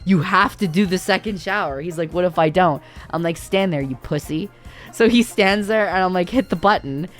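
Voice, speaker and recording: Excitable woman telling a funny story. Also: on the low side, fairly quick, hardly any pauses. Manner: excitable, laughs often, swears freely. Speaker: livestreamer. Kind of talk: casual storytelling. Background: faint background music.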